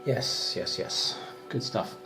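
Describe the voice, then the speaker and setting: A man thinking aloud as he plays through a board wargame, hesitant and full of pauses and fillers. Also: bright, forceful tone, faint music behind, rough recording. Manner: hesitant, many pauses and ums, clears throat.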